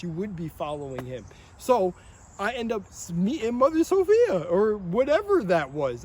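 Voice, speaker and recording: A young man rambling in a monologue, excitable and swearing often, laughing between phrases. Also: high-pitched, slight background noise. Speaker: vlogger.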